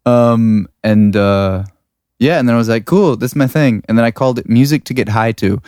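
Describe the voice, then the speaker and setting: A man's voice: mid-range voice, moderate pace, darkish tone, clean tone, no echo. A young man, a music producer, chatting casually with lots of fillers in a studio. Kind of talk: casual chat. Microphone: studio mic.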